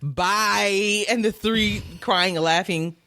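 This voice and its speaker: A woman's voice: medium pitch, takes it slowly, bright, forceful tone, no room sound, clean studio sound. A woman co-hosting a podcast, chatting casually and reading news aloud through bursts of laughter. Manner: giggly, reads news aloud between laughs. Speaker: podcast co-host. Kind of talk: casual chat.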